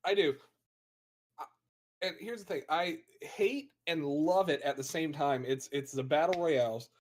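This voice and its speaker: An American man from Florida, co-hosting a casual gaming podcast and talking in an animated, rambling way with frequent laughs. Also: on the high side, measured pace. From United States (Florida). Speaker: podcast co-host and streamer.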